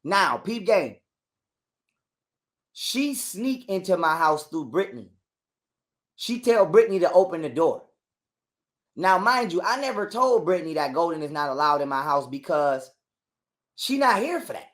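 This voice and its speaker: A man telling a long story in a casual interview, animated and full of cursing and repetition. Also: high-pitched, a little slow, long pauses. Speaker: guest telling his story.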